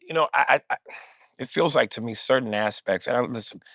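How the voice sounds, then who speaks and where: Animated New York comedian telling a story. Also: male voice, mid-range voice, a little fast, creaky, no echo, clean studio sound. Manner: animated comic storytelling, profane. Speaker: podcast guest, comedian. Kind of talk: casual conversation.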